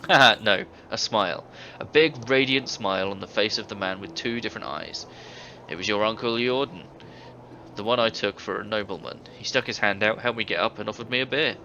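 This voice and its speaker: A boastful middle-aged ex-thief. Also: male voice, lowish voice, a little fast, pushed and bright. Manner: boastful, hearty storytelling. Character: older male ex-thief, boisterous tavern storyteller. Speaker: game character. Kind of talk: video game voice acting. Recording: dull game audio with faint hiss.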